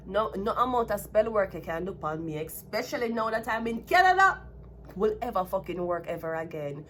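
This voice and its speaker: A Jamaican woman with a Jamaican accent gives a tarot reading in a casual vlog, then breaks into a heated rant that's blunt and profane. Her medium-pitched voice is expressive and a bit bright, at a moderate pace, with a little hiss or hum.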